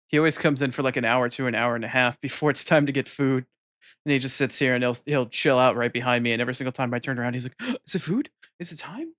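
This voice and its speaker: A man streaming a video game, chatting casually into a desk microphone and cooing softly to his cat. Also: medium pitch, little pitch movement, fast. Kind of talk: casual live-stream chat.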